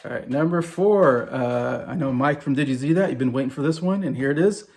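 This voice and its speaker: A man in his forties with a gravelly, creaky edge and a mid-range pitch talks eagerly about films he loves. He rambles in a casual vlog way, tripping over restarts and fillers as his excitement builds. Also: fairly quick. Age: 40s. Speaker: movie vlogger. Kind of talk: casual movie ranking vlog.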